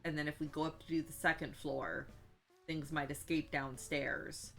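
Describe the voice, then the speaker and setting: A woman's voice: sits low, steady tone, normal speed, creaky, a bit bright, soft background music. A woman casually recapping a tabletop role-playing session, rambling with many fillers and asides. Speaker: player recapping a tabletop game.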